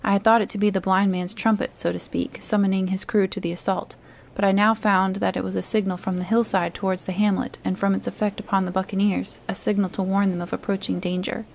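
Calm woman reading a classic aloud. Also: mid-range voice, brisk, creaky, slight background noise. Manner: calm, soothing. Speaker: storybook reader. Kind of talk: calm read-aloud narration.

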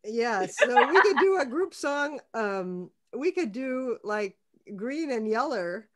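A woman's voice: fairly high pitch, big pitch swings, slow pace, a bit bright. A woman in casual, friendly chat on a video call.

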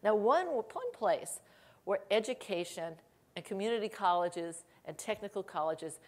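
A middle-aged woman speaks at a conference keynote, with a voice of ordinary pitch for a woman. She tells anecdotes in an animated way, laughing as she goes and acting out what people said. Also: unhurried. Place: conference hall stage.

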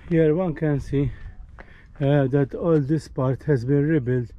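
With a Maltese accent, this man from Malta chats his way through a hike on camera, habitually closing phrases with "eh?" as fatigue and breathlessness set in. He talks slowly, his slightly high voice holding a steady tone. The audio sounds dull.

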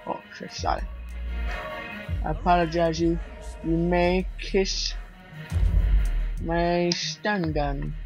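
A man commenting on his own gameplay, excitable, swearing a lot and yelling at the game with jokes. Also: a little high, poor audio. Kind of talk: playing a game and reacting.

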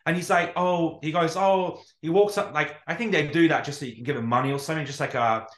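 A man's voice: fairly high pitch, fast talker. A man co-hosting a podcast, telling stories in casual chat, swearing freely and acting out what people said. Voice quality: animated storyteller, swears freely, acts out quotes. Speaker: podcast co-host. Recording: roomy echo.

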